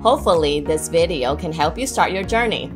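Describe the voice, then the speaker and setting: Woman teaching english sounds, lowish voice that jumps around a lot, slow careful example words, faint music behind. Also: animated. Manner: clear, deliberate, models words slowly. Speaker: English pronunciation instructor. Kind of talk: scripted instructional narration.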